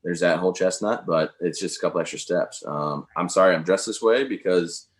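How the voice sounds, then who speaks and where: A man's voice: low voice, brisk. A man in his thirties, an interview guest talking in an upbeat, rambling way with many fillers. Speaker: interview guest, veteran speaker. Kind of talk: casual conversational interview.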